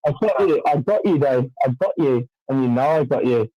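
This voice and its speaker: A man's voice: mid-range voice, lively intonation, a little fast, dull audio. An Irish man in his forties taunting another caller, repeating his jabs over and over. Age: 40s. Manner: taunting, gloating, repeats himself. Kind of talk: heated call-in argument.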